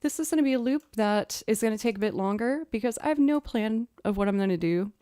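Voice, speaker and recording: A young woman musician chatting casually as she builds a music loop, thinking out loud and making fun of her own mistakes. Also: a little high, expressive, quick pace, hardly any pauses, clear, resonant tone, dry recording, clean studio sound. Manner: chatty, thinks aloud, self-deprecating. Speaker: musician streamer. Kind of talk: casual chat while producing music. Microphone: studio mic.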